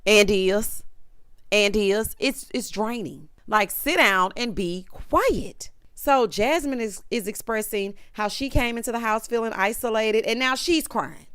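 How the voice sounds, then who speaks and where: A woman's voice: mid-range voice, unhurried, a bit bright, clean tone, no room sound, clean studio sound. A woman recapping a reality TV episode in casual, sassy commentary, talking straight to her viewers.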